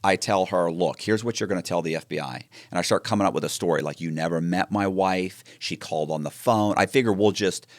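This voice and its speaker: Deep-voiced man telling a story. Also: a little fast, few pauses, dry recording, studio quality. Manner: animated storyteller acting out quoted dialogue, frequent restarts. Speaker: interview guest. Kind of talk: storytelling interview.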